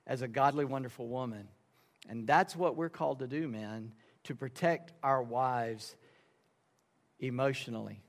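Folksy preacher man in a reverberant hall. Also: medium pitch. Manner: folksy storytelling, acts out dialogue in quoted voices. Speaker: pastor. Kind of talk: sermon. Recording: reverberant sanctuary sound.

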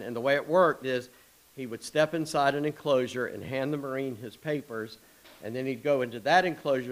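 A middle-aged man preaching in a folksy way, mixing anecdotes with scripture. His pitch sits in an ordinary middle range for a man. He talks in loose storytelling runs with quick asides. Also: a bit bright, low-quality recording. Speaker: pastor. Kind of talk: sermon.

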